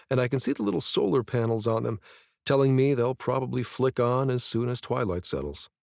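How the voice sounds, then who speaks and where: A man's voice: mid-range voice, a little mellow, dry recording. Male audiobook narrator, first-person romance, mid voice, dry studio read.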